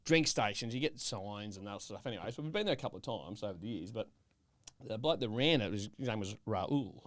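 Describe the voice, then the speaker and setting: A man co-hosting a podcast, telling a rambling travel story in animated, casual chat and checking in with "right?". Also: lowish voice, a little fast, dry recording. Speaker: podcast co-host.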